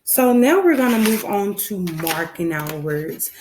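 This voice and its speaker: Slow, patient woman teaching phonics. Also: medium pitch, very animated, background noise. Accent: Southern American. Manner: patient, repeats instructions slowly. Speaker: first grade teacher. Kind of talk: recorded phonics lesson.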